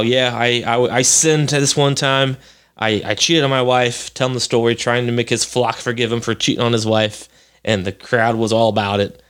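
A man's voice: fairly low pitch, fairly bright tone. Joking man co-hosting a podcast. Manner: joking, storytelling, quick laughs. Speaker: podcast co-host. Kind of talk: casual chat.

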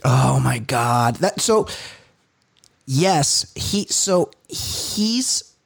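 Candid, swearing podcast host. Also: male voice, medium pitch, very animated, extremely slow, gravelly, husky. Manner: candid, emotional, swears freely. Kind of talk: casual chat.

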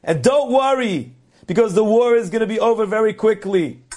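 A man's voice: sits high, normal speed, a little mellow, voice pushed up, close to an everyday voice. A man voicing the big spirit of a sage in a dream, firm and reassuring.

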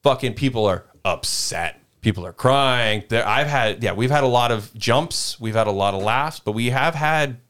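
A man who runs tabletop games, telling stories from his campaigns in an animated, profane way during a casual chat. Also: mid-range voice, moderate pace, few pauses, clear, resonant tone. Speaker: game master.

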